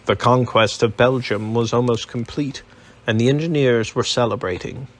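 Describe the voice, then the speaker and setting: A man narrating an audiobook in a steady, even storytelling manner. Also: medium pitch, normal speed.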